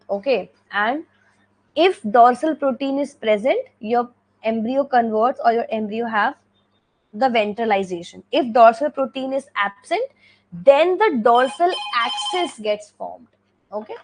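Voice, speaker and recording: A woman's voice: on the high side, low-quality recording. Indian woman teaching a revision lecture. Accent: Indian English. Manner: explanatory, repeats key points with frequent "okay".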